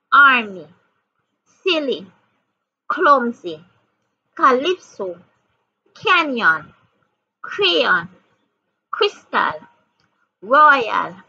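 A woman's voice: a little high, pushed and bright, husky. A woman with a Jamaican accent teaching reading, spelling out each word letter by letter and repeating words and questions as she goes. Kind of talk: slow spelling and reading lesson. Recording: dull lo-fi audio with faint background noise.

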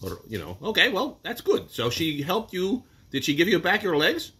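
Goofy rambling guy interviewing someone for a birthday vid, voice jumps around a lot, kinda husky. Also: high voice, wildly swooping pitch, normal speed, bright, forceful tone. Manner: rambling, goofy, trailing off into mumbles. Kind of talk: improvised comic birthday video.

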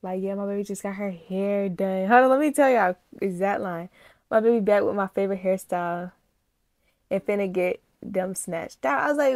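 In a casual reaction video, a woman vlogger addresses her viewers directly as y'all, emotional and gushing as she talks fairly quickly. Her pitch is ordinary middle range, and the recording is dry and close with no room sound.

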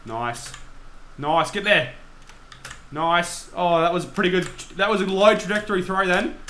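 A young man commentating on his own gameplay, excitable, swearing and shouting at the game. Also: medium pitch, slight background noise. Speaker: gaming channel host.

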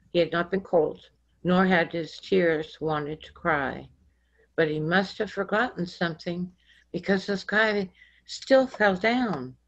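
A woman author reading her own story aloud in a slow, measured storybook manner. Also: fairly low pitch. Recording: dull lo-fi recording.

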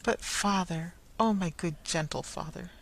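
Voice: mid-range voice, unhurried, gravelly. A tender blind young woman in an audiobook story, earnest and pleading, her voice raised a little above the reader's own, as the storyteller puts her on. She presses each plea with heartfelt urgency.

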